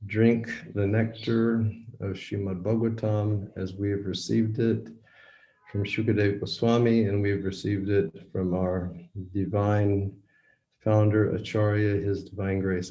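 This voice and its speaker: A man in his seventies giving a lecture over a video call, telling a story with lively acted-out dialogue. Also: lowish voice, a little slow, vocal fry. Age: 70s. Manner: animated, acts out the dialogue. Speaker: lecturing swami. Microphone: computer mic on a video call. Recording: roomy echo.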